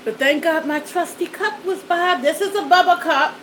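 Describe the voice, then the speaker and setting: A woman's voice: extremely high pitch, moderate pace, a bit bright, a little hiss or hum, rough recording. A woman vlogger chatting folksily to her viewers while eating, at home in front of a backdrop and studio lights. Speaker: mukbang vlogger.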